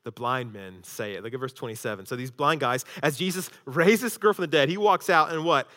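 A man preaching a sermon as pastor, swinging between loud emphasis and hushed intensity. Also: medium pitch, fairly quick. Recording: long hall reverb.

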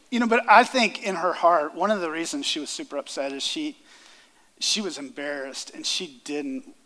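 Earnest pastor in a reverberant hall. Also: male voice, fairly high pitch. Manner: earnest, swells loud on key lines then drops soft. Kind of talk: sermon. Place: church sanctuary.

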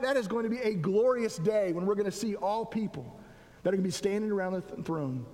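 A man's voice: sits high, a little fast, a little mellow. A man preaching a sermon as pastor, reading scripture with rising emphasis. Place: church sanctuary. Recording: long reverb of a large hall.

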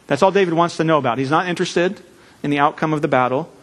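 Earnest preaching man, measured pauses. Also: on the high side. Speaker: pastor. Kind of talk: sermon. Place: church.

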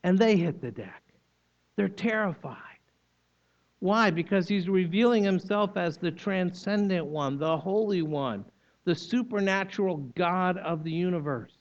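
A man preaching a sermon, explaining scripture in a teaching manner with emphatic repetition. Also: a little high. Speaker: pastor. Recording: dull lo-fi recording.

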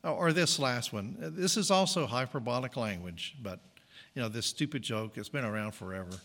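A man's voice: medium pitch, lively intonation, normal speed, fairly bright tone, long reverb tail. A man preaching a conversational sermon, correcting himself and adding jokey asides. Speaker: pastor.

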